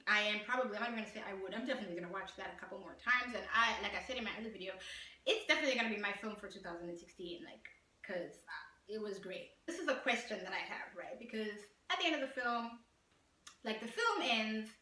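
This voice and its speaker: A woman from southern Africa talks through a film review in a loose, frank, chatty way, leaning on fillers. Her voice is bright and sits a little back from the mic in an echoey room with a faint hum of ambience. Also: mid-range voice, lively intonation, fast, recorded from a distance. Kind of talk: casual spoken film review.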